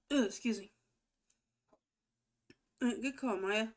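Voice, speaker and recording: A woman's voice: fairly high pitch, slow pace. Chatty young woman playing a game. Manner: chatty, reads game text aloud. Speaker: game streamer. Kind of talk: casual let's-play chat.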